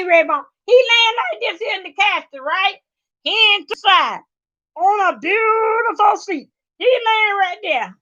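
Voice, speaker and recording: A middle-aged woman telling family stories in a casual, animated, emphatic way, swearing freely. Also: very high voice, no room sound. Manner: animated, emphatic, salty with cursing. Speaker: vlogger. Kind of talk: casual storytelling. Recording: dull lo-fi recording.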